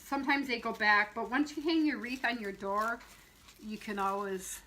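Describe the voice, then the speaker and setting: A middle-aged woman shop owner leads a casual live wreath-making demo, chatting and laughing as she greets viewers by name. Her voice is bright and sits a little high. A faint hum of the room runs underneath. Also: normal speed, rough recording.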